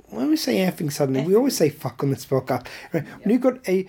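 A woman's voice: low voice, animated, a little fast, few pauses, mellow, husky. A woman, co-hosting a podcast and recapping a TV episode with laughing, teasing banter. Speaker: podcast co-host. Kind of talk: casual chat recapping a TV episode.

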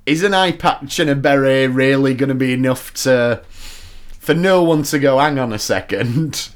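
A man in casual podcast conversation, chatty and easygoing, who often laughs and quotes lines as he talks an episode through. His voice sits at an ordinary middle pitch. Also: moderate pace, smooth. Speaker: podcast co-host. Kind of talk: casual chat reviewing a TV episode.

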